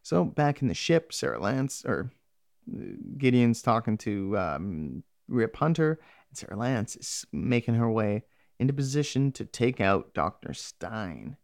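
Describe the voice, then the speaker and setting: A man's voice: medium pitch, big pitch swings, unhurried, dry recording, studio quality. A man casually recapping a TV episode, rambling and profane, with sarcastic asides.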